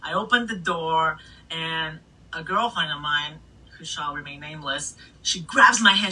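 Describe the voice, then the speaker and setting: Bright, husky woman telling DJ stories. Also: on the low side, normal speed. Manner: animated, swears freely, laughs between stories. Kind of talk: casual storytelling interview. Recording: voice a bit distant from the mic.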